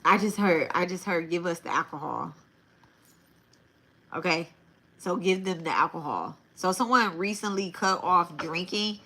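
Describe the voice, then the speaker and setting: A woman's voice: fairly low pitch, moderate pace, bright, forceful tone, a little hiss or hum. A woman giving a live tarot reading in a casual, blunt way, often repeating and restarting her phrases. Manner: blunt, swears. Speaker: tarot reader.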